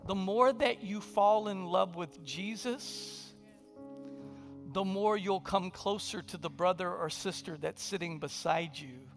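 A man preaching a sermon in a conversational, humorous storytelling way, sometimes dropping to a hushed, intimate delivery. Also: sits high, takes it slowly, faint music behind. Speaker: pastor.

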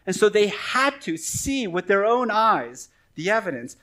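A man's voice: high-pitched, sing-song, unhurried, pushed and bright. A middle-aged male pastor preaching a sermon in an earnest, conversational teaching manner with friendly asides.

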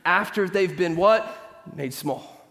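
Emphatic preacher in an echoing hall. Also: male voice, high voice, slow pace, a bit bright. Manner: emphatic, asks the congregation call-and-response questions. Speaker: pastor. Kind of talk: sermon. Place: church sanctuary. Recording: echoey hall reverb.

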